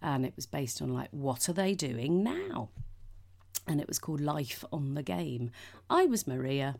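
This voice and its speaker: A woman's voice: low voice, big pitch swings, unhurried, creaky, a little mellow. A woman in her forties, hosting a podcast and telling rambling, sweary anecdotes with lots of asides. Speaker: podcast host. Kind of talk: casual chat.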